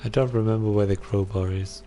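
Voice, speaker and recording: A man streaming a game live, thinking aloud slowly as he plays. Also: on the low side, fairly even intonation, warm tone, a little hiss or hum. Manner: slow, musing, thinks aloud. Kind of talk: live gameplay commentary.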